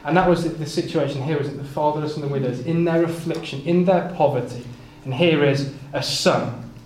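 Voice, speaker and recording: A man's voice: a little high, fairly quick, darkish tone. A man preaching a Bible exposition sermon, reading King James scripture aloud and stumbling over repeated words as he explains it. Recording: echoey room with faint ambient noise.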